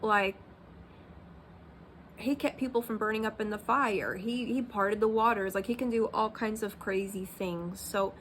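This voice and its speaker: A woman's voice: mid-range voice, fairly even intonation, measured pace, fairly bright tone, a little hiss or hum. A woman in her thirties talking candidly in a personal vlog, rambling with many fillers like "um" and "like". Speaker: Christian vlogger.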